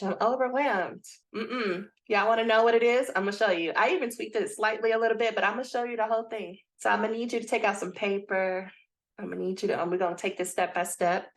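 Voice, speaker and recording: A woman leading a live coaching session for doctoral students. She speaks bluntly and with energy, addressing the group directly over a video call. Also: medium pitch. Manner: lively, blunt, talks straight to the group. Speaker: dissertation coach.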